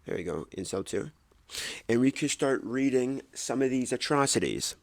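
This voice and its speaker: A man's voice: mid-range voice, expressive, moderate pace, dry recording. A man hosting his own podcast, chatting casually in a rambling way, correcting himself and making jokey asides into a close microphone at home. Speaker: podcast host. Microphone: close desk microphone.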